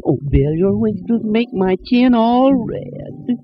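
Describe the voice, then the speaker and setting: A woman's voice: a little high, expressive, slow, background noise. A woman singing the part of a fair young maiden in a comic song, with plaintive nagging questions. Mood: pleading. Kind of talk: comic sung dialogue song. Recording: dull old lo-fi music recording. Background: band accompaniment.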